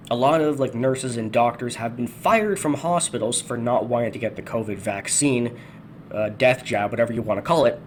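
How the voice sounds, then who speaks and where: A man's voice: on the high side, a little hiss or hum. A man hosting a ranting video commentary, angry, sarcastic and profane. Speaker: commentary host.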